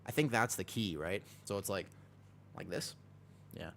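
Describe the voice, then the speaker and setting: A man's voice: sits low, unhurried, creaky, a bit bright. A man streaming casually from home, rambling and joking about himself while reading his chat. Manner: rambling, self-deprecating, reads chat aloud. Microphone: desk microphone.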